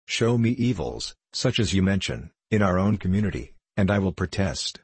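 A man reading a gentle, earnest older bishop in an audiobook. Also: low-pitched, big pitch swings, moderate pace, breathy edge, dry recording, exaggerated voice.

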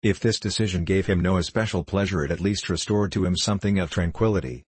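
A man reading a story aloud as an audiobook narrator, in a steady, even storytelling manner. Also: sits low, fast, breathy edge, no room sound, rough recording. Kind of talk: scripted narration.

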